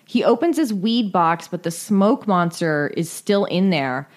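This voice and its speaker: A woman's voice: on the low side, lively intonation, a little slow. A woman co-hosting a podcast, casually recapping a cartoon with profanity and quoted voices. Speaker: podcast co-host.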